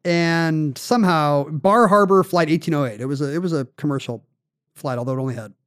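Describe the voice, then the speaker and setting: A man's voice: fairly high pitch, clear, resonant tone, dry recording, studio quality. Man telling a story on a podcast. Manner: animated storyteller, fast bursts. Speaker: podcast co-host. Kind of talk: casual chat, storytelling.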